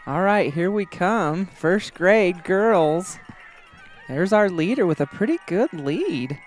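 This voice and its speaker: A man giving live commentary on a school race from indoors, chatty and quick to laugh. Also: high voice, lively intonation. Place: indoors, watching on a big screen.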